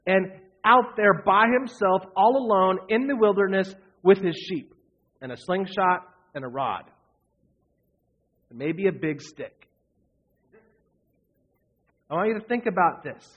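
A man's voice: sits high, unhurried, pauses often, breathy edge. Man as pastor giving a sermon, earnest, leans on repeated phrases, dull lo-fi recording.

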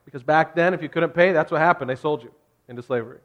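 A man's voice: fairly high pitch, quick pace, lo-fi sound. A man preaching a sermon in a conversational, jokey way that builds to emphatic points. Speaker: pastor.

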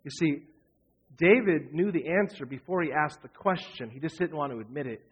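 A man's voice: a little high, animated, moderate pace, slightly rough, lo-fi sound. A man preaching a sermon in an earnest way, repeating phrases for emphasis. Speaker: pastor.

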